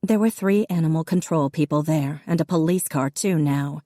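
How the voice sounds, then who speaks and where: A woman narrating a novel as an audiobook in a steady, even storytelling manner. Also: low voice, moderate pace, dry recording, studio quality. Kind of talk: scripted narration.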